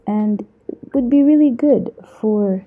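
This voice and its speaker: A slightly high, husky female voice carries this vlog narration by a Zambian woman. She's casual and playful, mocking herself and lingering on slang asides, and the sound is muffled like a phone microphone.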